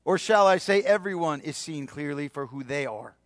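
A man delivers a sermon in a high, ringing voice, pressing his points through repetition. He often sinks to a hushed, intimate tone for emphasis. The sound is close and dry, with no room around it. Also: expressive, moderate pace, dry recording. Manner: emphatic, repeats key phrases, drops to near-whisper for stress. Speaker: pastor.

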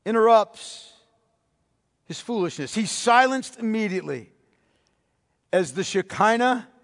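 High-voiced man preaching in an echoing hall. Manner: emphatic, repeats key phrases, swings between loud and hushed. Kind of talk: sermon. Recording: long reverb of a large hall.

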